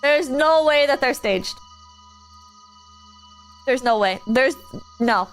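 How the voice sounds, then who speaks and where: A woman's voice: high voice, animated, takes it slowly, soft background music. A woman streamer chatting casually while gaming, telling a rambling story full of "like" and restarts.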